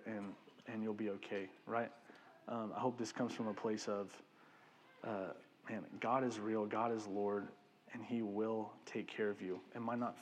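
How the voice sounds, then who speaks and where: A man preaching a sermon in a conversational, animated way, often tagging his sentences with "right?" and "man.". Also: fairly low pitch, in a large hall, a little hiss or hum. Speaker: pastor. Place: church sanctuary.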